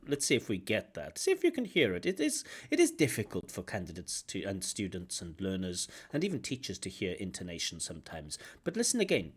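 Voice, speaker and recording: Low-ish guy examiner breaking down answers, super animated, hums the intonation. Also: normal speed, hardly any pauses, breathy edge. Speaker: IELTS examiner giving feedback. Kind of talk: commentary on a recorded test.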